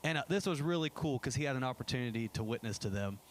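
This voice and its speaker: An enthusiastic man shares trip photos with a church congregation in a casual, rambling way, full of fillers and restarts. His voice sits at an ordinary middle pitch. A faint hiss of noise runs under the recording. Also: lively intonation, fast talker. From United States. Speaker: pastor. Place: church sanctuary.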